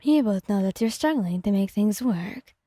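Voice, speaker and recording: A woman narrating a second-person ASMR story in a calm, even storytelling manner. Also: medium pitch, normal speed, no echo, clean studio sound.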